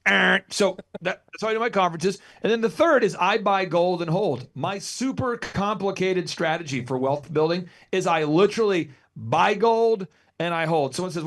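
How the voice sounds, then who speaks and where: A man's voice: sits high, normal speed. A man in his forties, a business consultant guest on a podcast interview, telling stories energetically and acting out what others said. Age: 40s. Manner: energetic storyteller who acts out quotes.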